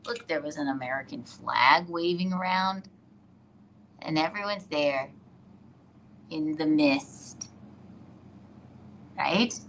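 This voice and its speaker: Excitable rambling woman live-streaming. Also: sits low, slow pace, pauses often. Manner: excitable, rambling storyteller who laughs often. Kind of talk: casual live-stream chat. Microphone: iPad.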